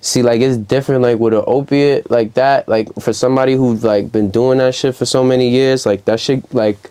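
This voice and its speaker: Young New York man, dark mellow tone, casual storyteller who acts out quotes loudly. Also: medium pitch, steady tone, a little fast, smooth. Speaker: rapper guest. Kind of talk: casual interview chat.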